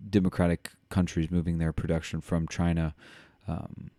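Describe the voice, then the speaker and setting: Man, podcast co-host, low gravelly voice, dark tone, rambling commentary. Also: level tone, moderate pace, no room sound. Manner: rambling, reads news aloud with many fillers.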